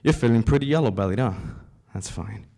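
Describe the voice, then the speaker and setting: A man's voice: fairly low pitch, animated, brisk, gravelly. A man reading as a bleeding, taunting gunman. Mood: scornful. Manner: brash, taunting, rising to shouts. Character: bleeding tough-talking male gunman, taunting. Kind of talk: dramatic monologue reading.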